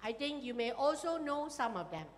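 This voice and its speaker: Lively high-voiced woman teaching children. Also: moderate pace, long reverb tail. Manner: lively, coaxing, talks to children directly. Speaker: Sunday school teacher. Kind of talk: leading a children's class.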